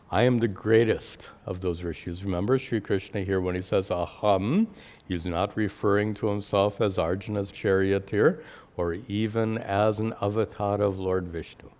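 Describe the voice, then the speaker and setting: Slow, deliberate low-voiced male teacher. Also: darkish tone. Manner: slow, deliberate explaining with repeated phrases. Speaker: spiritual teacher. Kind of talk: scripture class lecture. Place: temple classroom with altar.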